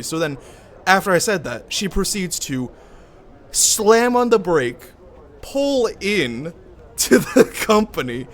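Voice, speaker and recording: A young man with a mid-range voice streams a game, chatting casually over a little hiss or hum. He swears, laughs and rambles off on tangents.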